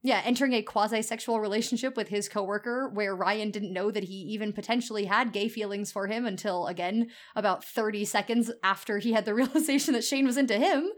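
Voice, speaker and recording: A woman co-hosts a casual podcast, thinking aloud in a measured way with the odd um. Her voice sits at an ordinary pitch for a woman. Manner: thoughtful, measured analysis with filler ums. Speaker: podcast co-host. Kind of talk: casual chat.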